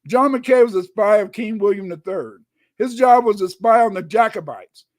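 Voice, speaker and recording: High-voiced man lecturing emphatically. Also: normal speed. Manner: emphatic, rising to shouts, repeats phrases. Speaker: guest lecturer. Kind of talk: lecture-style talk reading old documents.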